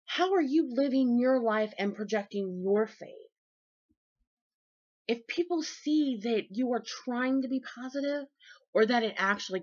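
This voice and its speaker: A woman talking in a casual, sermon-like faith vlog, lively and folksy, her voice jumping high and low and loud and soft. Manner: lively, folksy and preachy, with big swings in pitch and loudness. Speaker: vlogger. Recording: dull lo-fi recording.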